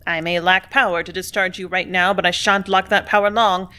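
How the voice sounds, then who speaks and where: A woman reading a story, voicing a blustering male factory superintendent who speaks loudly and brusquely. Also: medium pitch, a little fast, lightly acted. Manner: loud, brusque, bullying.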